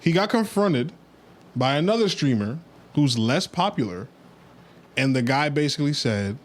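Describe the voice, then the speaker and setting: A man's voice: a little high, animated, moderate pace. A man hosts a casual podcast in a loose storytelling manner. He drops blunt opinions in an easygoing way. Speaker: podcast host. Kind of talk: casual chat.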